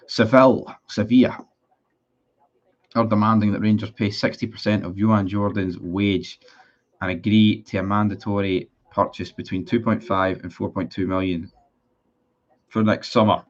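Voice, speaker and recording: A man's voice: lowish voice, dull audio. A man in a casual livestream, reading out viewer comments and answering them in a blunt, sweary, sarcastic way. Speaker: football fan streamer.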